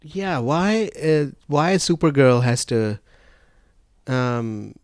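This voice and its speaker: A man's voice: mid-range voice, expressive, drawn-out words, clean tone, no room sound, clean studio sound. A man in a casual podcast chat, reacting briefly, teasing and restarting his sentences. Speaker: podcast co-host.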